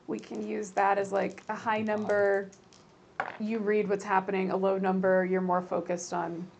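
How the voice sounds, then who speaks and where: A woman's voice: medium pitch, monotone, normal speed, vocal fry, darkish tone, dull audio, a little hiss or hum. A woman running a tabletop game as game master, talking casually with many fillers and hedges. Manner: chatty, hedging, many fillers.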